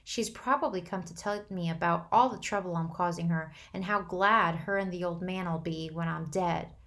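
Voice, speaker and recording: A woman's voice: normal speed, a bit bright. A woman reading the part of a badly hurt, frightened teenage boy, his voice shaky and pleading. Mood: upset. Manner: shaky, pleading, rising into high breaks.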